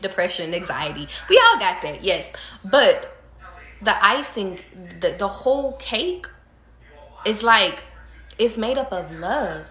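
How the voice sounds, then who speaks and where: A woman's voice: medium pitch, pushed and bright, reverberant. A woman giving casual tarot readings to her viewers, talking emphatically with lots of profanity, repeating and restarting her phrases. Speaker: tarot reader.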